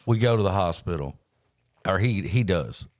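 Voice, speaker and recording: A man, hosting a podcast and telling a story in a folksy, animated way. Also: deep voice, normal speed, no room sound, studio quality. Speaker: podcast host. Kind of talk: casual storytelling chat.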